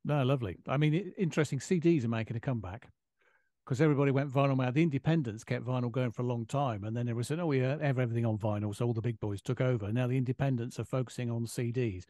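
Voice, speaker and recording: A man's voice: mid-range voice, quick pace, dark tone, no room sound, clean studio sound. An older man hosting a radio show, chatting emphatically with old-fashioned exclamations. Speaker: radio host. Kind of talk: casual radio interview.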